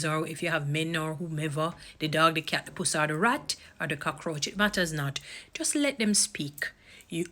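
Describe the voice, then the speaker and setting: A Jamaican woman speaks straight to her viewers in a chatty, casual commentary. Her voice sits a little on the low side, and she scatters pet names and patois phrases through her talk. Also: pushed and bright. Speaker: vlogger. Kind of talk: casual direct-to-camera commentary.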